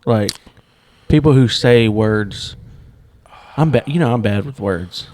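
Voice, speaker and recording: A man's voice: fairly low pitch, takes it slowly, a little mellow, slight background noise. A man co-hosting a podcast in casual chat, ranting in an exasperated way. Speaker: podcast co-host.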